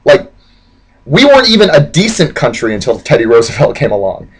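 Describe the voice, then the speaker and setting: Rambling, profane guy with a lively voice. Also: mid-range voice, fairly quick, breathy edge, poor audio. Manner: rambling, profane, heavy use of "like". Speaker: comedic history vlogger. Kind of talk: casual comedic storytelling.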